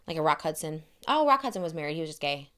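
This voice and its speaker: Brief: female podcast host, rapid rambling gossip, slightly low voice. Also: big pitch swings, sharp tone, a little hiss or hum. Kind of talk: casual chat.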